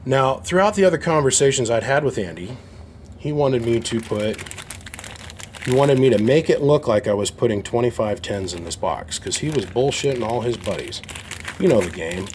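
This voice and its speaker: A man who runs an amp repair shop, medium-pitched with a darkish tone, speaks animatedly at normal speed against slight background noise. His casual story to camera comes out blunt and aggrieved as he performs both sides of phone calls.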